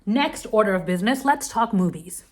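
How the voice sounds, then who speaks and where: A woman's voice: mid-range voice, expressive, moderate pace, over loud music. A young woman whose first language is Telugu, chatting bubbly and casually through her monthly favorites with many restarts. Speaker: vlogger.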